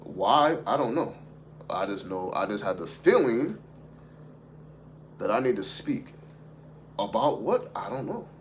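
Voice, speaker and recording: On a livestream, a spiritual content creator with a lowish voice riffs without a script, speaking emphatically, swearing freely, and firing off rhetorical questions at his audience. His delivery is sing-song and measured, broken by long pauses, with a faint hum in the background.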